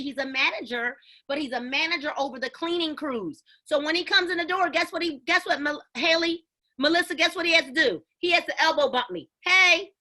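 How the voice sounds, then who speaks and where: A woman giving an energetic motivational talk on a video call, preaching and calling out to her listeners. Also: high voice. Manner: preachy, exclamatory, call-and-response. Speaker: network marketing leader.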